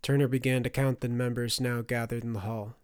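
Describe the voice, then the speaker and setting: A man reading a fantasy audiobook in scripted narration, measured and even. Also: medium pitch, clear, resonant tone, dry recording, studio quality.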